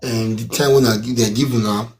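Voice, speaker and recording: A man with a Nigerian accent hosting a live stream talk show in casual Pidgin. He talks in a loud hype-man way and breaks into chants and song. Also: mid-range voice, steady tone, normal speed, slight background noise, poor audio.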